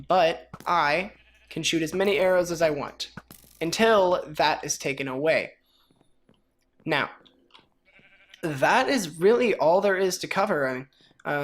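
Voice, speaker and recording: Low-voiced woman narrating a game tutorial. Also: unhurried, pauses often. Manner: chatty, rambling, self-mocking. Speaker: gaming video host. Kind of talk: casual mod tutorial commentary.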